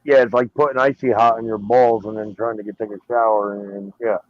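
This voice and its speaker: A man's voice: lowish voice, steady tone, brisk, slight background noise. Joking man on lo-fi audio. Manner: joking, tells crude anecdotes. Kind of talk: casual group chat. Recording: dull lo-fi audio.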